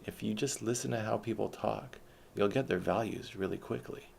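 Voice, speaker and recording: A man's voice: on the low side, normal speed, creaky, a little mellow, slight background noise. A man telling a personal story in a blunt, rambling way, retelling conversations as he goes.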